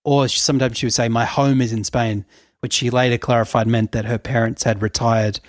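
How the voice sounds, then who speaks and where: A man's voice: medium pitch, level tone, fairly quick, no room sound. Guy rambling thru a story on a podcast, laughs a lot, dry close sound. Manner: chatty storytelling, laughs often, many fillers. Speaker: podcast co-host. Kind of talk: casual podcast chat.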